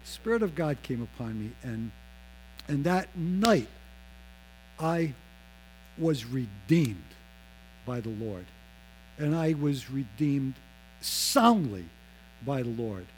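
A man in his fifties telling a personal faith testimony, acting out the voices of others and dropping low and slow on solemn lines. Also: very animated, a little hiss or hum, rough recording. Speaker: speaker giving his testimony.

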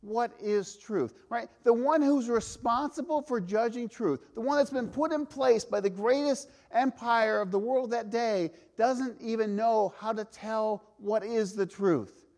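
A pastor preaching a sermon, earnest and emphatic, slowing for weight and firing off rhetorical questions. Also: male voice, extremely high pitch, a little mellow.

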